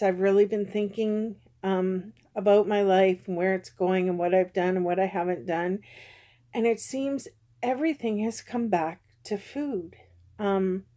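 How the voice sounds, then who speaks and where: Hesitant woman in her fifties, mellow voice. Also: mid-range voice. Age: 50s. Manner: halting and hesitant, many pauses and ums; emotional, close to tears at times. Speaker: vlogger. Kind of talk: personal confessional vlog.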